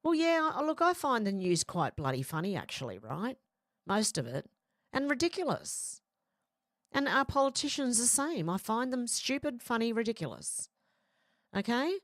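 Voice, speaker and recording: A woman's voice: a little high, sing-song, normal speed, fairly bright tone, no echo, clean studio sound. A woman hosting a casual livestream, reading viewer comments aloud and chatting back with frank, swearing banter. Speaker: show host reading live chat.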